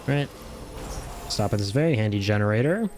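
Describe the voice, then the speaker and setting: A man's voice: fairly low pitch, expressive, fairly quick, music in the background. A man streaming a video game, chatting casually and playfully, joking and swearing as he plays. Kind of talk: casual gameplay commentary.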